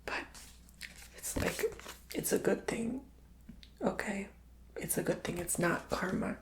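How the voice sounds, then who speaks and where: A man giving an ASMR tarot reading, often whispering, speaking softly and reassuringly straight to the listener. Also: high-pitched, expressive, slow, background noise. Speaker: tarot reader.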